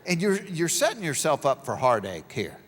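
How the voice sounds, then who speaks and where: Middle-aged comedian, lively high voice. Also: male voice, normal speed. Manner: storytelling, acting out both sides of conversations. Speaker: stand-up comedian. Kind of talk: stand-up comedy routine. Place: large live venue with an audience. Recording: live show with hall reverb.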